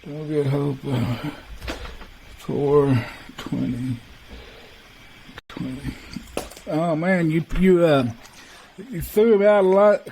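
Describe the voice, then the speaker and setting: A man hosting a podcast interview, rambling and halting with many restarts. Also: on the high side, fairly even intonation, creaky, mellow, a little hiss or hum, poor audio. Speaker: podcast host. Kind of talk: casual interview chat.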